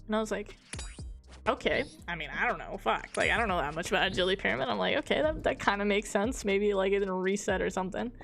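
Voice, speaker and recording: A woman's voice: medium pitch, fast, gravelly, soft background music. A woman streamer casually telling a funny gaming story, giggling often, swearing, and quoting a friend's lines. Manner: giggly, swearing, animated retelling with quoted dialogue.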